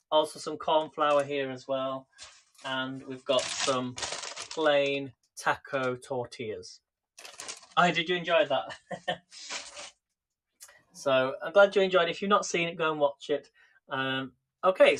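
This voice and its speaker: A man with a fairly bright voice on the high side hosts a live cooking stream. In his home kitchen, in front of a camera on a tripod, he chats casually and greets viewers by name.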